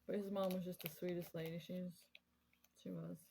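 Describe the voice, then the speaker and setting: Gravelly low woman telling her story. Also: flat delivery, moderate pace, dark tone, slight background noise, low-quality recording. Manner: rambling, candid, lots of fillers. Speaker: crafting vlogger. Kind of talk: casual personal storytelling.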